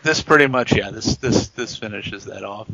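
A man's voice: on the low side, moderate pace, vocal fry, sharp tone, breathy edge, dry recording, muffled recording. A man co-hosting a casual movie podcast, throwing in dry wisecracks and asides. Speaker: podcast co-host.

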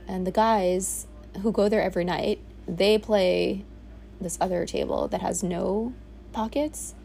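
Candid woman musing, gravelly low voice. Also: fairly even intonation, unhurried, dark tone, slight background noise. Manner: rambling, candid, with frequent "like" and swearing. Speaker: vlogger. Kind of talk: reflective casual monologue. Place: on a boat in a small village.

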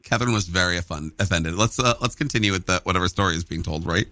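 A man's voice: sits low, fast talker, sharp tone, no echo. A man co-hosting a casual chat, teasing and wisecracking through the banter.

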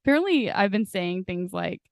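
A woman's voice: medium pitch, big pitch swings, moderate pace, vocal fry, no room sound, clean studio sound. A young woman hosting a podcast, chatting casually and gushing, laughing often and acting out quoted lines. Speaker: podcast host. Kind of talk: casual chat.

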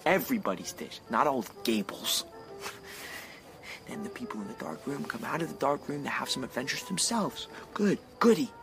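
A bitter young man, itching to break free and talking with a mocking edge. His pitch swings widely from line to line. Music plays clearly underneath. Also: wildly swooping pitch, normal speed. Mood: restless. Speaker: restless son. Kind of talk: stage drama acting.

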